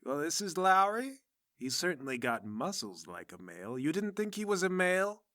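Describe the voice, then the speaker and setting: A man's voice: on the high side, big pitch swings, normal speed, sharp tone, no room sound, clean studio sound, pitched above the performer's own voice. A man voicing a haughty, imperious old noblewoman who is bossy and dismissive, in a tabletop game. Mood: airy.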